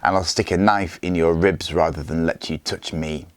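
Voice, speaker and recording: A man's voice: low voice, steady tone, normal speed, no echo, lightly acted. Defiant Viking mother, proud, fierce, raised voice, a man putting her on, dry recording.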